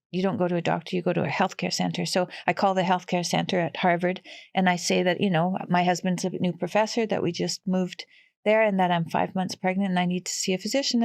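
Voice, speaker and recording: A woman in her sixties from western Canada, a podcast guest telling family stories in a lively, animated way. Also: fairly low pitch, no room sound, studio quality. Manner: animated, lively storyteller who laughs often. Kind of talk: casual storytelling.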